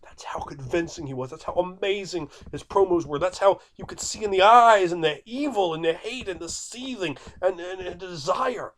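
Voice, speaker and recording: A man's voice: sits high, moderate pace, hardly any pauses, fairly bright tone. A man in his thirties giving an opinionated, emphatic commentary, repeating his points and arguing with an imagined viewer. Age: 30s. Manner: emphatic, repetitive, argumentative. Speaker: video creator.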